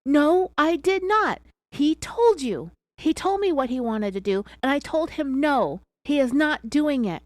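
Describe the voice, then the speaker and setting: A woman's voice: sits high, expressive, measured pace, no echo, clean studio sound, pitched above the performer's own voice. A woman voicing an accused wife under interrogation, screaming insistent denials. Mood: defensive, insistent.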